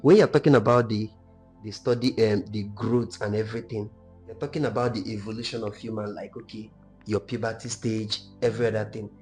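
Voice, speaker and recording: A man's voice: on the low side, steady tone, brisk, darkish tone. A young man talks in an explaining, teacherly way. He keeps checking that his listeners follow. Faint music plays underneath. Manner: explaining, lecturing tone with checks like "right?". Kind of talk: casual group discussion.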